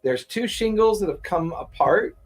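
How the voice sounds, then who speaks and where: A man's voice: high voice, expressive, normal speed, soft background music. A man running a tabletop game as game master, describing scenes steadily with the odd filler "uh".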